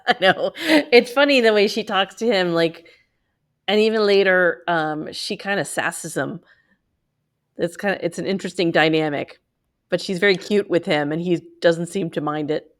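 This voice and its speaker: A woman with a lowish voice speaks at a moderate pace, co-hosting a podcast from home over a video call. She recaps an episode in casual chat, giggling often and filling her talk with fillers.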